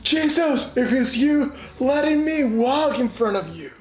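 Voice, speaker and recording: A man's voice: very high voice, expressive, takes it slowly, roomy sound, pitched above the performer's own voice, heavily acted. A man voicing a frightened, impulsive fisherman disciple who cries out for help. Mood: eager.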